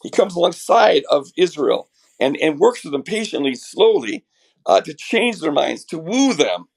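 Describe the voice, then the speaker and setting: A middle-aged man with a raspy voice from a chest cold, earnestly explaining theology as a podcast guest, restarting his sentences often. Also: on the high side, sing-song, normal speed. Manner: earnest, builds ideas with many restarts.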